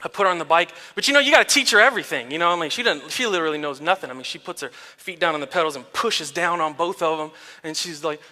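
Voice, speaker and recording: A man in his thirties, a pastor giving a sermon in a relaxed storytelling way, laughing often. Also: a little high, fast. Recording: long reverb of a large hall.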